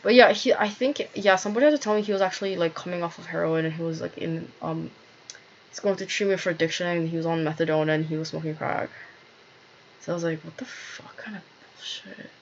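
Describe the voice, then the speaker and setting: A woman's voice: on the low side, fairly even intonation, fast, slight background noise. A woman telling a rambling, agitated personal story to camera, full of fillers and swearing. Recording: dull lo-fi recording.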